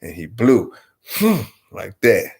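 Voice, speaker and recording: A man's voice: low voice, moderate pace, vocal fry. A man from Arkansas with a Southern US accent, telling a comic story in a loose, profane, rambling way. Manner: loose, profane, rambling, constantly asks "you know what I'm saying". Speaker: storyteller host.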